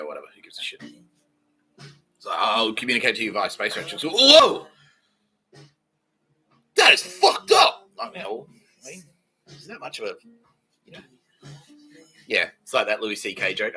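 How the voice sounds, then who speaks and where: A man's voice: fairly low pitch, pushed and bright, a little hiss or hum, rough recording. A man hosting a comedy podcast, rambling through jokes, swearing and laughing at his own lines. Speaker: podcast host.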